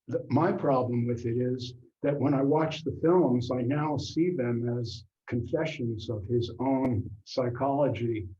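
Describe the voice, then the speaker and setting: A man's voice: mid-range voice, unhurried, few pauses, dark tone, slight background noise. An older man in frank, unguarded casual conversation, speaking plainly and sometimes swearing for emphasis. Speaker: guest. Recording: dull lo-fi sound.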